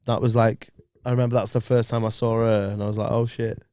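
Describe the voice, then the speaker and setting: A man's voice: lowish voice, little pitch movement, quick pace, darkish tone, clean tone, no room sound. A man appearing as a guest on a podcast in a studio, chatting casually in a wry, lightly sweary manner. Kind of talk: casual chat.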